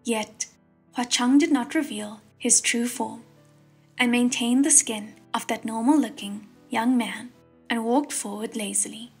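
A woman narrating a fantasy audiobook in a steady, unhurried reading voice that is husky. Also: a little high. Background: soft piano music.

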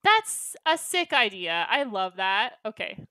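Bright, bubbly woman streamer. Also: medium pitch, big pitch swings, slow, dry recording. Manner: bubbly, chatty, reacting to chat. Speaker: gaming livestream host. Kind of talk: casual livestream chat with viewers.

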